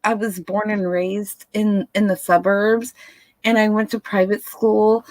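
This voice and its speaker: A woman's voice: mid-range voice, little pitch movement, unhurried, a little mellow, dry recording. A woman in her fifties chatting casually, rambling and laughing at herself, with a dry recording. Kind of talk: casual chat.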